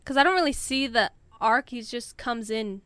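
A woman's voice: fairly high pitch, moderate pace, a bit bright, clear, resonant tone, no room sound. A woman co-hosting a casual podcast, chatty and teasing, with lots of fillers. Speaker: podcast co-host. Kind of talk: casual chat.

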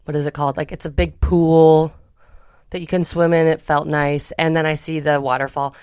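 A woman's voice: low voice, little pitch movement, normal speed, darkish tone, clean tone, no room sound, clean studio sound. A woman co-hosting a podcast, telling a travel story in a chatty, rambling way with many fillers. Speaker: podcast co-host. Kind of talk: casual chat.

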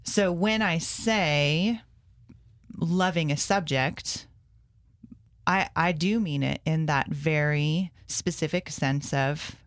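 A woman's voice: low voice, slow, no echo, studio quality. A woman, a homeschool mom and classroom teacher, talking earnestly in a casual conversation and thinking aloud as she goes.

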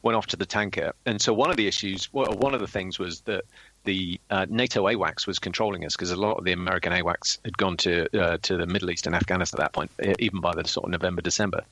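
A man's voice: deep voice, steady tone, fast talker, pushed and bright, dry recording, low-quality recording. A man from Britain, a former military pilot, telling stories in a casual chat with frequent ums. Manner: anecdotal, full of filler ums.

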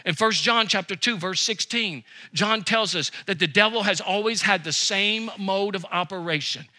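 Animated, bright-voiced male preacher. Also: high-pitched. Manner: earnest preaching, voice rising and dropping for emphasis. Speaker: pastor. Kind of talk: sermon.

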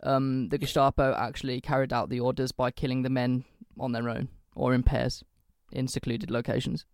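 A man's voice: medium pitch, level tone, moderate pace, creaky, no echo, studio quality. A man co-hosting a podcast, recounting history in casual chat and swearing freely. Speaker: podcast co-host.

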